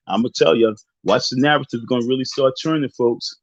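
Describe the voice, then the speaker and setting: A man's voice: medium pitch, fast talker, few pauses, faint music behind. A tipsy man from Queens, taunting rivals in an unscripted livestream rant full of slangy street talk. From Southside Jamaica, Queens, New York. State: tipsy from drinking. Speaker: livestream host. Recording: dull lo-fi stream audio.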